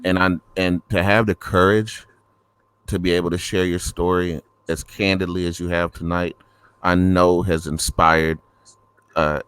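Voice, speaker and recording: A man hosting an interview who speaks in an earnest, measured, complimentary way. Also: low voice, clean tone, no room sound. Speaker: interview host. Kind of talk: interview talk.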